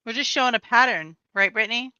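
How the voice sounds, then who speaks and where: A woman's voice: a little high, fast, pushed and bright, clear, resonant tone, no echo, muffled recording. A woman guest in a casual commentary chat, weary and pointed, speaking straight to the person she criticizes. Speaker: co-host guest.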